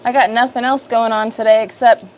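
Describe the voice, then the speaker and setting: Chatting live while she works, a livestream host in her fifties greets viewers by name in a cheerful, casual way. She talks fairly quickly in a level tone, her voice on the high side, with slight background noise.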